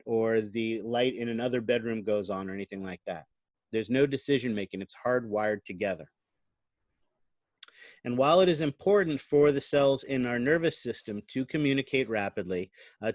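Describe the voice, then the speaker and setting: Recorded dry, a man with a medium-pitched voice delivers an online lecture through a computer mic. His explanations are conversational, frequently punctuated by "right?".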